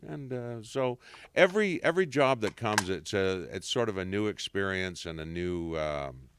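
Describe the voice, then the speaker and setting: A man's voice: fairly low pitch, expressive, moderate pace, background noise. A man who is a voice actor, chatting jovially in a convention interview and telling stories. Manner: jovial storyteller, slips into voices and big laughs. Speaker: voice actor guest. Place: convention room.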